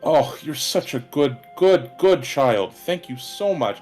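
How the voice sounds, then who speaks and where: A gentle, motherly old half-elf woman , as a man puts her on in a tabletop game. She speaks softly and welcomingly, with halting fillers. Faint music plays behind. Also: on the high side, expressive.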